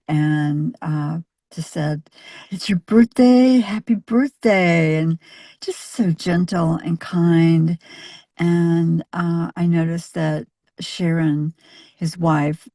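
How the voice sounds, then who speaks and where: A woman with a low voice tells a personal story in an interview. She talks chattily and fills her sentences with "uh" and small restarts. The sound is dry and close. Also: warm tone, dry recording. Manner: chatty, full of fillers and self-corrections. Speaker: photojournalist interviewee. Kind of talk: anecdotal storytelling.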